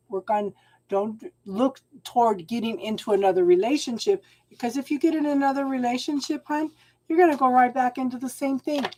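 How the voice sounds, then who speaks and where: A middle-aged woman streaming a live tarot reading, speaking with a mellow, soft-edged voice pitched a bit high. She encourages her viewers gently and keeps calling them hon. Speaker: tarot reader and channel host.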